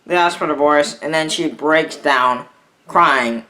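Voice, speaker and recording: A young man telling a personal story in a vlog, halting and rambling, often restarting his sentences. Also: a little high, pushed and bright. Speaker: vlogger.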